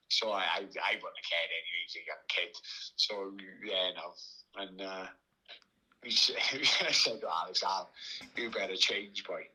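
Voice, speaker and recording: A man's voice: low-pitched, breathy edge, low-quality recording. Laughing Welsh man telling a story. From Wales. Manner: laughing, animated anecdote with many restarts. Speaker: podcast guest, former boxer. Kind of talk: casual storytelling.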